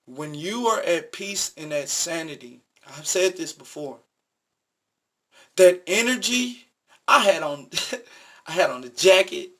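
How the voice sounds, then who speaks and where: A man's voice: fairly high pitch, fairly bright tone. A man vlogging, telling a personal story in an earnest, emphatic, repetitive way. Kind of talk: casual storytelling monologue.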